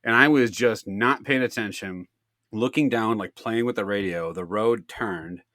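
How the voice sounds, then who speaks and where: A man's voice: fairly low pitch, unhurried, no echo, clean studio sound. A young man co-hosting a podcast, telling a story in casual chat, swearing freely and acting out the people in it. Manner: animated, swearing, acts out others' voices with laughs. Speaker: podcast co-host.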